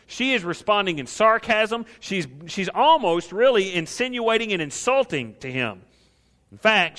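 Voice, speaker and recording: A male pastor preaching an animated sermon who asks the audience questions and acts out scenes. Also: sits high.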